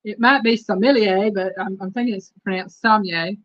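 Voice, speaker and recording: A woman's voice: medium pitch, steady tone, a little fast, no echo, lo-fi sound. A woman with a Southern Texas accent hosting a live stream, chatting casually and reading trivia questions aloud to her viewers. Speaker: host.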